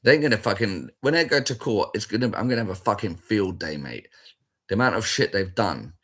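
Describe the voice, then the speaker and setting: Brief: man, husky voice, blunt and foul-mouthed, rambling and repetitive. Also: on the low side, lively intonation, a little fast, fairly bright tone. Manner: sweary, blunt and rambling, repeats himself. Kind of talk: casual spoken rant.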